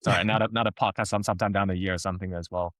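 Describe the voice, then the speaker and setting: Casual low-voiced podcast host. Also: male voice, fairly even intonation, racing, fairly bright tone, no echo. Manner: casual, filler-heavy, says like often. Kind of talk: casual interview chat.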